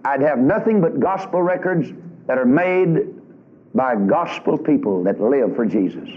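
A man's voice: medium pitch, lively intonation, measured pace, slightly rough. A man preaching a revival sermon in a church, fiery, folksy and emphatic. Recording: lo-fi old tape recording.

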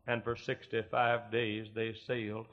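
A middle-aged man, a pastor preaching a sermon in a folksy storytelling way that swells into loud preaching. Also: fairly low pitch, monotone, a little slow. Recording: muffled lo-fi recording.

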